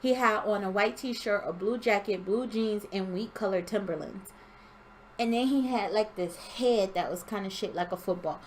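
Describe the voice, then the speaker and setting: A young woman telling a story from her dream in an animated, expressive way, acting out sounds. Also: mid-range voice, normal speed, a little hiss or hum. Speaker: vlogger. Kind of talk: storytelling vlog.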